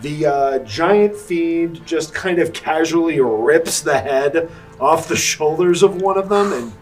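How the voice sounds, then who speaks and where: A man running a tabletop game as dungeon master, narrating with a relaxed, laughing manner. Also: a little high, slow. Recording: distant mic with background music.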